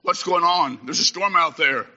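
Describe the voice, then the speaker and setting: A man preaching a sermon, swinging from shouted exhortation to hushed storytelling as a traveling preacher. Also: a little high, moderate pace. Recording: echoey hall, dull lo-fi sound.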